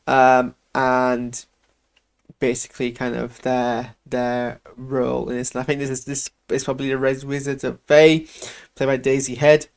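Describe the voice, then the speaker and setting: A man's voice: medium pitch, creaky. A man hosting a casual live reaction to a film trailer, rambling and hesitant with self-deprecating asides.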